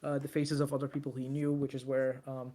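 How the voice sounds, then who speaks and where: A man's voice: medium pitch, monotone, a little fast, mellow. Rambling man recapping an episode. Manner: rambling, many fillers, restarts. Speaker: podcast co-host.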